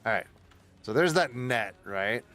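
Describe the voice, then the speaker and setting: A man's voice: mid-range voice, expressive, measured pace, a bit bright, soft background music. A man giving casual running commentary while playing a survival game, muttering and swearing under his breath as he sneaks along. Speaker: gaming streamer.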